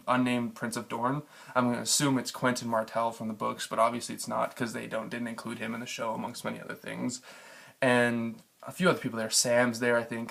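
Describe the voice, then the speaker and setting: A man's voice: medium pitch, vocal fry, fairly bright tone. A man giving a casual spoken review of a TV episode, frustrated and ranting, swearing freely. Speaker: TV show reviewer.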